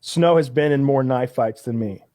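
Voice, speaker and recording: A man in his thirties telling stories in a casual podcast chat, animated and quick to laugh. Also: mid-range voice, no echo, clean studio sound. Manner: animated, laughs often, mimics others. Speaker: podcast co-host. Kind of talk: casual storytelling.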